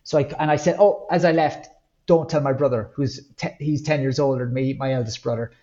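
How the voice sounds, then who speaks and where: A man's voice: medium pitch, brisk, highs cut off. A middle-aged Irish man from Ireland, a guest candidly telling his personal story in an interview, acting out quotes now and then. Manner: candid, reflective, with lively acted-out quotes.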